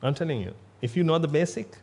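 A man's voice: fairly high pitch, fast, mellow, husky. A man giving a Buddhist sermon in a blunt, emphatic way, repeating himself for stress. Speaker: Buddhist monk.

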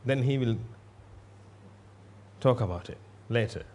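A man's voice: mid-range voice, a little slow, darkish tone, a little hiss or hum. A man giving a Buddhist sermon in a blunt, emphatic way, repeating himself for stress. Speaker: Buddhist monk.

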